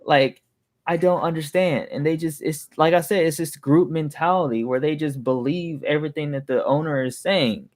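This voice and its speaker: A man's voice: a little high, normal speed. A young man venting in a casual, rambling monologue, heated and swearing freely, often restarting his sentences. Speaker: vlogger.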